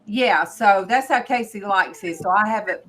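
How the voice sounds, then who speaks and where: A woman chatting casually with friends on a video call, animated and quick to laugh. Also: medium pitch. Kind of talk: casual group video chat.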